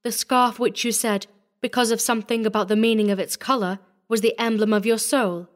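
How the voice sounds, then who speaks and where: A man's voice: high voice, steady tone, fairly quick, voice pushed up, close to an everyday voice. A man reading a story voices a cold, ironic young noblewoman with feigned innocence. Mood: coy.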